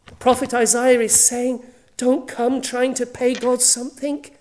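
A woman preaching a sermon, earnest, often dropping to a hushed voice. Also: fairly high pitch, level tone, unhurried. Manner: earnest, drops to a hushed voice for quoted invitations.

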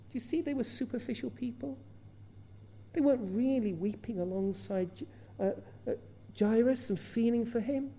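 A woman's voice: medium pitch, warm tone. A woman preaching an earnest Bible sermon, asking rhetorical questions and acting out the quoted voices with feeling. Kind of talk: expository sermon.

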